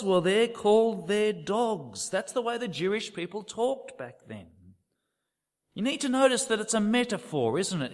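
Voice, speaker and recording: A male preacher with a high, very lively voice delivers a sermon in a slow, deliberate way. He poses rhetorical questions and sinks to hushed near-whispers for emphasis, with long reverb trailing behind him.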